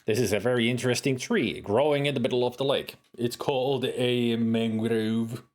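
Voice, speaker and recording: A man's voice: medium pitch, fairly even intonation, moderate pace, a little mellow. A man streaming a retro adventure game, casually reading the game text aloud with playful, sing-song emphasis.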